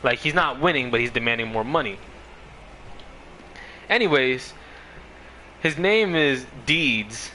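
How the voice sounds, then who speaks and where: A man's voice: medium pitch, bright, forceful tone, a little hiss or hum, poor audio. A male streamer chatting casually on a game stream, rambling, with lots of fillers and frequent laughs.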